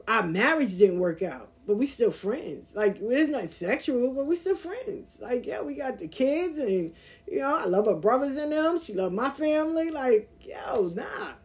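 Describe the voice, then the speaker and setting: Animated woman telling a personal story. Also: high voice, measured pace. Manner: animated, acts out voices in her anecdotes. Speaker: podcast host. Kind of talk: casual storytelling monologue.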